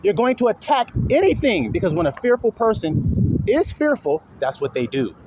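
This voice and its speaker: High lively-voiced man preaching. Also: moderate pace, highs cut off, background noise. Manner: preachy, plays mock voices of listeners, swings loud and hushed; casual slangy talk with swearing. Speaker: self-styled preacher. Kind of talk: street-style preaching monologue.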